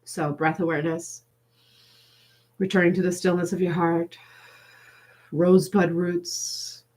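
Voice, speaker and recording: A woman facilitating a workshop, leading a gentle, unhurried guided meditation with playful, sassy asides. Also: fairly low pitch, little pitch movement.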